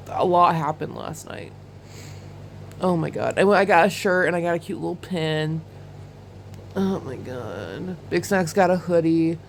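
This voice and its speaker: A young woman vlogging in a casual chat, talking in an excited, rambling way with lots of "like" and "oh my God.". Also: lowish voice, gravelly, a little hiss or hum. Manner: chatty and excitable, full of "like" and "oh my God"; bursts into laughter while recounting.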